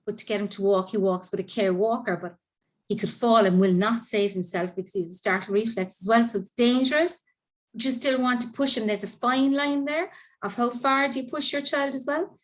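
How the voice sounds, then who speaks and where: An Irish woman, a parent carer appearing as an interview guest, tells her story in conversation. Her voice is a little high and brisk, and she is earnest and emotional, acting out quoted dialogue as she goes.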